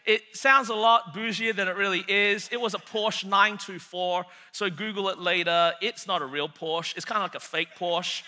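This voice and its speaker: A man's voice: high-pitched, fairly even intonation, normal speed, few pauses, pushed and bright. A man in his forties with an Australian accent, preaching a sermon as a pastor, joking with the congregation and then growing earnest. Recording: long hall reverb.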